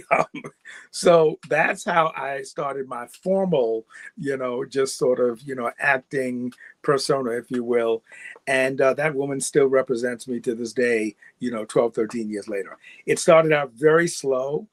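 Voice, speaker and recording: A man's voice: medium pitch, unhurried, no room sound. Rambling middle-aged New York man, storyteller. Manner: relaxed, rambling storyteller who laughs often. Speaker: guest actor. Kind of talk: casual interview storytelling.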